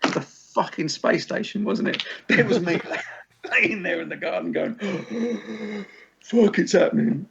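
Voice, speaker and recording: A man's voice: high-pitched, normal speed, creaky, pushed and bright, husky. A man and musician guest chatting casually on a podcast, laid-back, swearing freely and laughing often. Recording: dull lo-fi recording.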